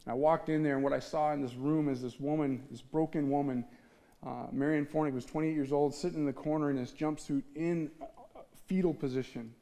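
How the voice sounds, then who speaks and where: Speaking fairly quickly with a fairly high, steady, warm voice, this Midwestern man shares a heartfelt testimony on stage. He performs the voices of the people he quotes as he tells his story to the audience.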